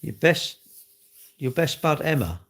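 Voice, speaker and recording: Chatting from home near his kitchen, a livestreamer mocks his viewers' comments in a sarcastic, casual way. His voice sits fairly high, swings widely in pitch, and moves a little slowly.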